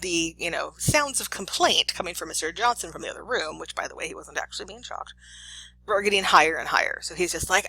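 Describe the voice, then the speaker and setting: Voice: mid-range voice, animated, brisk, vocal fry, pushed and bright, breathy edge, rough recording. A professor giving a casual classroom lecture, chatty and full of fillers and acted quotes.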